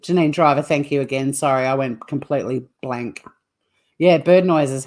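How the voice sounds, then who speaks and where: A woman's voice: extremely low pitch, normal speed, darkish tone. A woman hosting a livestream, rambling in casual chat with viewers and swearing freely. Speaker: livestream host.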